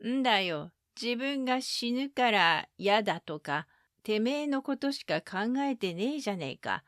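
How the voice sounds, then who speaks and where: A woman voicing a brash, boastful male brute fighter, reading manga dialogue aloud with a rough, swaggering delivery. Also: on the high side, lively intonation, a little fast, a bit bright, no echo, studio quality. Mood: gruff, boastful.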